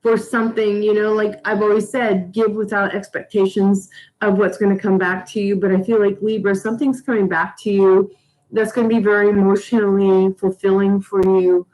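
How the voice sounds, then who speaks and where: A woman doing a casual weekly angel card reading for her viewers, emotional and rambling, with many halting restarts. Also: mid-range voice, little pitch movement, a little mellow, rough recording. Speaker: tarot reader.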